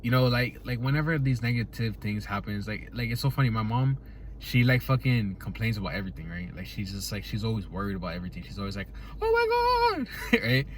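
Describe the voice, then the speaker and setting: Slight background noise accompanies this young male podcast host, whose voice is fairly low and quick. He rambles casually and profanely in a laid-back manner, laughing often and tacking "right?" onto his thoughts.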